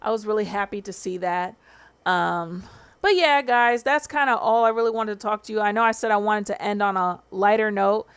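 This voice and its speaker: A woman's voice: mid-range voice, normal speed, smooth. A woman hosting a casual livestream, talking in a chatty, slangy way and swearing freely. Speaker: livestream host.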